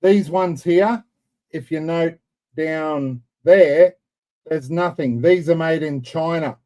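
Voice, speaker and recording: A man's voice: a little high, slow pace, a little mellow. A man with an Australian accent co-hosting a casual live stream, laid-back with dry asides. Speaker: co-host.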